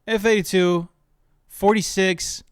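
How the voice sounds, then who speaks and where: Excitable, swearing young male streamer. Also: high voice, slow, clear, resonant tone, no room sound, clean studio sound. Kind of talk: casual gaming stream chat.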